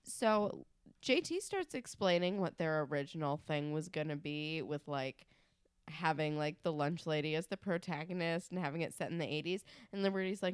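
A woman co-hosting a podcast, chatty and quick to laugh as she retells scenes. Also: low-pitched, clean tone, no echo, clean studio sound. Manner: chatty, laughs often, many fillers. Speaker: podcast co-host. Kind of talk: casual podcast chat.

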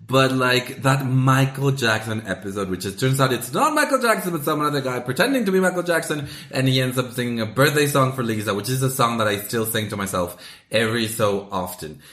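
A man co-hosting a podcast in a casual chat. He laughs often and acts out quoted lines in a high voice. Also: expressive, a little fast, a bit bright. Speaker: podcast co-host. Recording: roomy echo.

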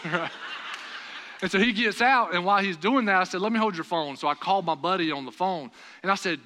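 Speaking at a quick pace, a young male preacher tells a personal story within his sermon, his voice bright, forceful and slightly high for a man. He delivers it with animation, getting louder for the dialogue, and the church sanctuary gives the sound a long reverb.

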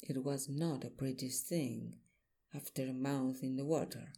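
Male audiobook narrator, slow and husky, mellow tone. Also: mid-range voice, fairly even intonation. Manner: measured, plain reading of a simplified novel. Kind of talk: first-person story narration.

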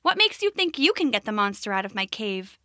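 A woman voicing an anxious little female rabbit in a storybook, talking in a high, worried way. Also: big pitch swings, brisk, sharp tone, dry recording, studio quality.

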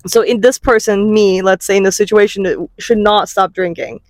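A woman's voice: mid-range voice, fairly even intonation, moderate pace, darkish tone, no echo, clean studio sound. A woman co-hosting a podcast in casual chat, playful and teasing, laughing often. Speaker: podcast co-host.

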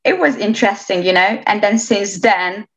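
A woman's voice: medium pitch, normal speed. Chatty young woman from Romania. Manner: chatty, hesitant restarts, laughs often. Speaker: interviewee. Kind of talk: casual interview chat. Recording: slightly dull lo-fi sound.

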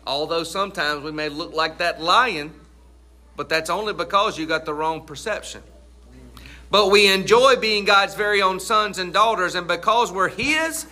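Forceful, bright-voiced middle-aged male pastor. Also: high-pitched. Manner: emphatic, asks the congregation questions and answers them; stretches key phrases slowly for weight. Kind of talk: sermon.

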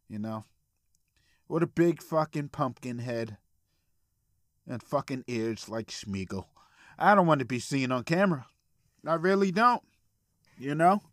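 A man's voice: fairly high pitch, a bit bright, no room sound, clean studio sound. A man hosting a solo podcast from a small room, ranting in a profane, exasperated way. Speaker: podcast host.

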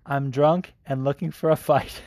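Profane American podcast host, dry audio. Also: male voice, a little high, fairly even intonation, a little slow, a little mellow, no echo. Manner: profane, rambling, laughs easily. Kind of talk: casual chat.

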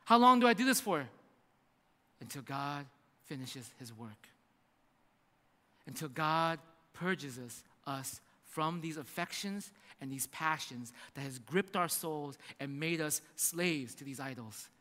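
A pastor preaches with a high, ringing voice, telling the story with lively acted-out voices. His sound carries a long reverb from a large hall. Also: slow. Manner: animated storytelling, acting out voices in quotes. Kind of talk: sermon.

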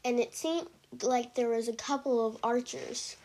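Slow, hesitant woman storyteller. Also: a little high, mellow. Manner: hesitant, with fillers and restarts. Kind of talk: improvised story narration.

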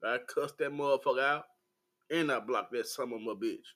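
A man in his forties with a Southern American accent, ranting bluntly and profanely to the camera in a slow, laid-back vlog. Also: mid-range voice, fairly bright tone. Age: 40s. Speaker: vlogger.

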